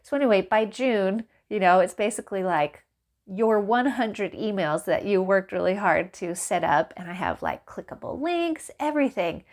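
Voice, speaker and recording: A woman vlogging casually to camera, animated and exasperated, laughing and acting out the exchanges as she tells them. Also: mid-range voice. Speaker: small business vlogger. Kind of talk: casual ranting vlog to camera.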